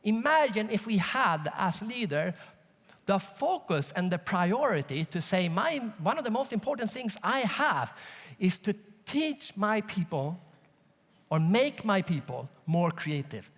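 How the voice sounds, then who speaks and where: In an unhurried, high-sitting voice, this man tells a joke-laden story during a conference keynote, lively and talking right to the crowd. Large hall reverb colors the recording.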